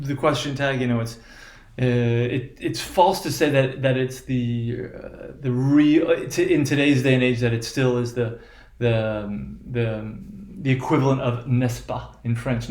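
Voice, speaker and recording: A man's voice: mid-range voice, a little mellow, echoey room. A man teaching a lesson on English intonation, hesitant, with many restarts and "right?" checks.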